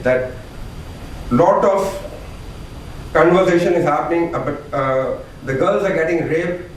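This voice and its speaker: Man from Pakistan, halting earnest testimony, high-ish voice, very echoey and distant pickup. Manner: earnest, halting, repeats words. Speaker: interviewee giving testimony. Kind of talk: personal testimony. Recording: very echoey room, distant mic, faint noise.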